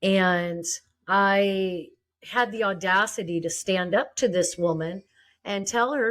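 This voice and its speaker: A woman in casual chat, telling a story hesitantly with many pauses and fillers. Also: mid-range voice, fairly bright tone. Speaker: podcast guest.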